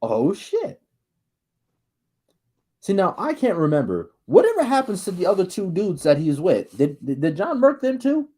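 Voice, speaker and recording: An excitable man co-hosting a movie podcast in casual chat. His pitch leaps and dips all over the place as he acts out scenes and swears freely. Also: a little fast, hardly any pauses. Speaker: podcast co-host.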